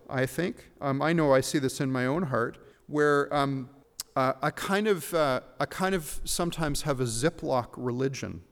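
A man preaching a sermon as pastor, earnest and emphatic, with frequent fillers and restarts. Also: on the high side. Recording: long hall reverb.

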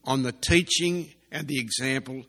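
A man preaching a sermon in an earnest way, slowly repeating key phrases for emphasis. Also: medium pitch, a bit bright. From Australia. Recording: long hall reverb.

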